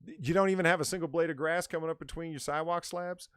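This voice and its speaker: A man's voice: a little high, steady tone, quick pace, a bit bright, smooth, no echo. A man hosting a casual podcast chat on a USB mic, rambling and swearing freely. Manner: rambling, swears a lot, restarts often. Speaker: podcast host. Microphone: USB microphone.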